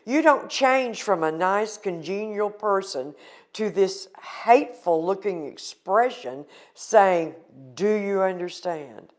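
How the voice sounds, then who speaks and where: A woman's voice: medium pitch, expressive, takes it slowly. An older woman from the United States recounting a painful personal experience in an earnest, emotional interview.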